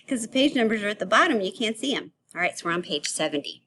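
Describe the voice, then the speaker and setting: A woman teaching a children's grammar lesson on video, playful and animated, acting out example sentences. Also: mid-range voice, fairly quick, slight background noise.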